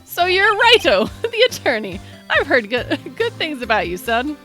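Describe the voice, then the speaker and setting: A hearty old police chief who chuckles as he talks, put on by a woman pitched high and lively. He booms cheerfully and leans into every folksy word. Game music plays behind him. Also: normal speed, full character voice, poor audio. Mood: jolly. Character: jolly booming older male police chief. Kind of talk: reading game dialogue aloud.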